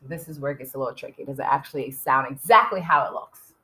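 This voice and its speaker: A woman teacher giving a recorded writing lesson to young children, slowly sounding out letters and syllables and asking them questions. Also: very deep voice, bright, forceful tone. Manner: encouraging, asks questions to young learners.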